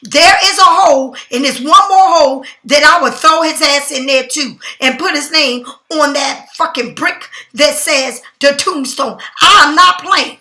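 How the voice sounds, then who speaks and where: A woman's voice: high-pitched, a little slow, hardly any pauses, pushed and bright, echoey room. A middle-aged woman tarot reader speaking bluntly and emphatically to her viewers in a spontaneous monologue.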